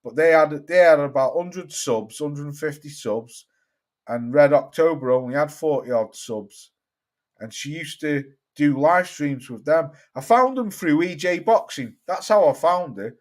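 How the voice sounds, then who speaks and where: A man's voice: fairly high pitch, expressive, unhurried. A man with a London accent hosting a casual live stream about boxing, answering viewers and swearing freely as he gives his opinions. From England. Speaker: boxing channel host.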